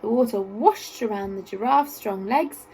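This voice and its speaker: A woman reading a children's story aloud in an expressive, sing-song way. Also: medium pitch, normal speed, faint music behind, rough recording.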